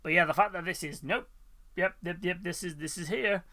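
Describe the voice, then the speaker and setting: A man's voice: sits high, fairly quick, pushed and bright. A man hosting a casual hobby live stream, chatting loosely with many fillers and frequent laughs.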